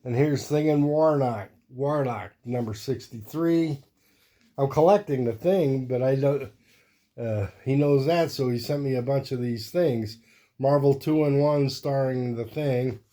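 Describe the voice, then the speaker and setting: A relaxed man talks his way through a pile of comics at an unhurried pace. His voice is warm and mellow, and he wanders easily from one aside to the next. It sounds like a casual show-and-tell hosted on his own channel. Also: mid-range voice. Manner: rambling, easygoing, thinks aloud while flipping through comics. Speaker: host.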